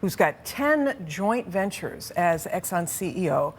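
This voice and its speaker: A woman's voice: fairly low pitch, sing-song, takes it slowly, slight background noise. A woman commentator on a TV panel, building a pointed, emphatic argument. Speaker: political commentator. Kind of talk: panel debate.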